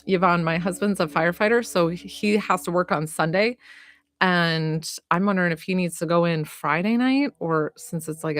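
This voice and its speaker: A young woman from Georgia, chatting on a phone livestream as a psychic medium, gushing and reassuring and rambling with fillers. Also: on the low side. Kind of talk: casual livestream chat and reading.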